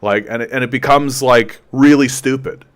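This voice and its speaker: A man with a Canadian accent hosting a casual political commentary show, rambling conversationally with many fillers, swearing, and quick acted-out quotes. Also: medium pitch, smooth. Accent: Canadian English.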